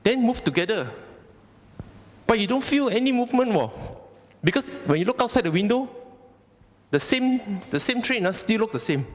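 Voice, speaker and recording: A man's voice: sits high, big pitch swings, normal speed, long pauses. A Malaysian man giving a conversational Buddhist Dhamma talk, often asking the audience questions. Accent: Malaysian English. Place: temple hall. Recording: long hall reverb.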